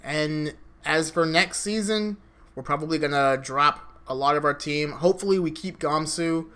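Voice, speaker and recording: Young male co-host, bright and a touch high, candid esports banter, casual swearing. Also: clear, resonant tone. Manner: candid, swears freely, fast show sign-off. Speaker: podcast co-host.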